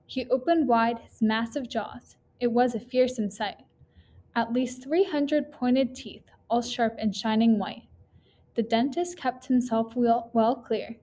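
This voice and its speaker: A woman's voice: a little high, dark tone. Woman reading a children's poem aloud. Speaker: reader.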